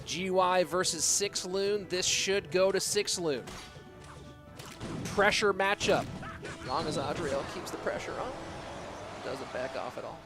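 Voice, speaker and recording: Male esports caster, a bit high-pitched, loose and joking, with music under his voice. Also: measured pace, pauses often. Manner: chatty and joking, answers chat between plays. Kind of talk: live game commentary. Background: background music.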